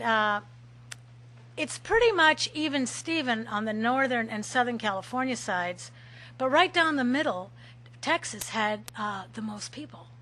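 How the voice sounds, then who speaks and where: Bright-voiced animated woman storyteller. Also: a little high. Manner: animated, laughing, acts out shouted quotes. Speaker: recovery meeting speaker. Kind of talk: personal storytelling talk.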